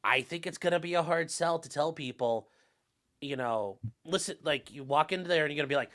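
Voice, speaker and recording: A man talking as a lawyer panelist in a casual panel discussion, animated and joking, with quick restarts. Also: a little high.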